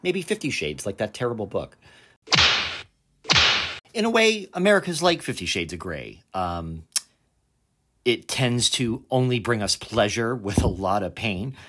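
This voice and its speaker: A man's voice: lowish voice, big pitch swings, a little slow, long pauses, a bit bright. A man from Canada hosts a comedic monologue in a sarcastic, rambling way, with lots of fillers. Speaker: host.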